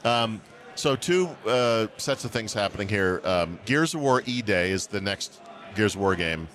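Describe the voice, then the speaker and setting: Brief: low-voiced man, wry podcast co-host, rambling chat. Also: lively intonation, measured pace, fairly bright tone. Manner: rambling, wry, self-correcting. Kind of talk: casual tech chat.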